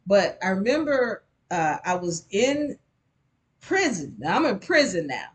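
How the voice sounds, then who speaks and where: Woman, live storytelling talk, middle pitch, animated, speaks directly to the audience, voice spikes when heated. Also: unhurried. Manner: animated, addresses the audience directly, voice rises sharply in anger. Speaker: speaker telling a personal story. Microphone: microphone at a live event.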